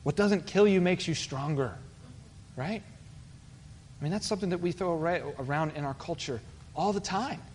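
A pastor giving a sermon in a church sanctuary, speaking in an earnest, conversational way and asking the congregation questions. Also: male voice, a little high. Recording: live hall reverb, faint room noise.

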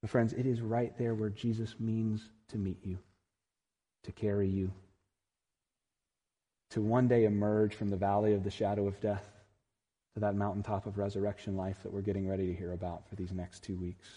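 A man's voice: on the low side, level tone, moderate pace, long pauses, warm tone. A man preaching a sermon as pastor, earnest and emphatic, building to peaks. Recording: long reverb in a large hall.

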